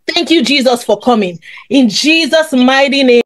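A woman's voice: sits high, moderate pace. Fervent woman leading prayer. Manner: leads chanted responses, fervent repetition. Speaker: host. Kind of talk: prophetic prayer.

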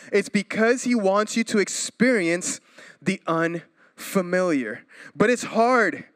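Guy preaching, from florida, slow and drawn out, kinda high voice, jumps up and gets loud then drops low. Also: clear, resonant tone, no echo. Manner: energetic preaching with big swings in pitch and volume, playful asides. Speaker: pastor. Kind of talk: sermon.

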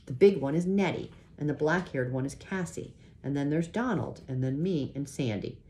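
A woman's voice: low-pitched, normal speed, warm tone, close to an everyday voice. A woman voicing a bossy, chatty redheaded schoolgirl in a storybook.

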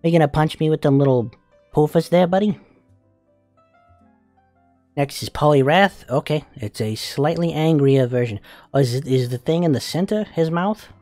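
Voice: medium pitch, moderate pace, pauses often, dark tone, no echo, faint music behind, close to an everyday voice. A voice actor playing a crude, flamboyant male spider demon in a comedic fan reaction, swearing, giggling and cooing. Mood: amused.

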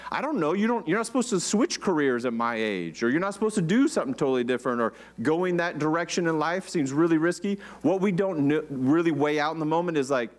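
A man preaching a conversational sermon, asking the congregation questions. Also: a little high. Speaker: pastor.

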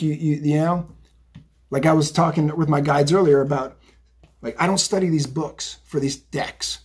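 Chatty man, very husky voice. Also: a little high. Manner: chatty, rambling, animated, says "right?" and "okay?" often. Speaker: psychic tarot reader. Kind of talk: casual tarot reading monologue.

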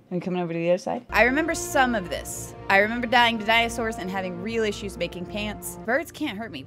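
A young woman giving casual let's play commentary, excitable, chatting to the animals and swearing, with sudden loud outbursts. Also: mid-range voice. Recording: game music playing behind the voice.

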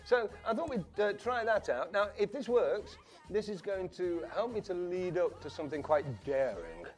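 Male mentalist guest, high voice, stagey patter, light music behind. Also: sing-song, moderate pace. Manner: theatrical, addresses the audience like a stage performer. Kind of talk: casual chat with showman patter.

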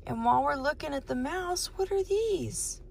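A woman leads a storytime for little ones, her voice sitting a touch high and swooping up and down. She talks very slowly and gently, and a gravelly edge of fry creeps into her voice. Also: lively intonation, slight background noise. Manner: slow, sing-song, asks the child many questions. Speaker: children's storytime host. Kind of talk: reading a picture book aloud to young children.

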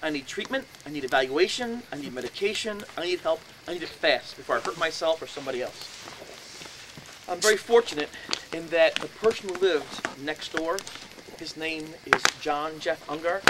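A man giving a talk, telling a first-person story in an animated way, acting out scenes with sudden loud bursts. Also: a little high, normal speed, background noise. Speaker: speaker at a haunted-house talk.

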